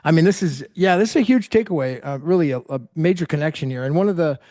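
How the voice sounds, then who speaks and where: A man from California hosting an interview, enthusiastic and halting, restarting his sentences. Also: on the high side, darkish tone, no room sound, studio quality. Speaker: host.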